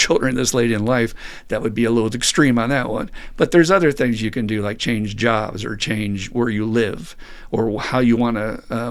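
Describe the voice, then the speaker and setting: A middle-aged man hosting a recovery podcast, talking in an earnest, musing monologue and acting out the voices he quotes. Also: medium pitch. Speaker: podcast host and recovery group counselor.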